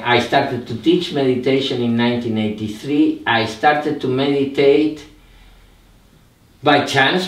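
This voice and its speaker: Older male meditation teacher, Spanish native, slow and reflective, recorded off-mic in a roomy space. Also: mid-range voice. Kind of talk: live meditation talk. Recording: echoey room, mic at a distance.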